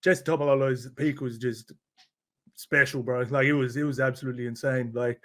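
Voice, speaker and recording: A man's voice: medium pitch, steady tone, fairly quick. A man talking as a podcast guest in casual chat, full of "bro" and "like". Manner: slangy, fills lines with "bro" and "like".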